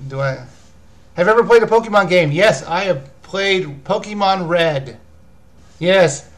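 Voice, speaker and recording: A man's voice: high-pitched, measured pace. A man hosting a casual live video chat, rambling as he answers viewers' questions about games. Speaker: video game reviewer and host.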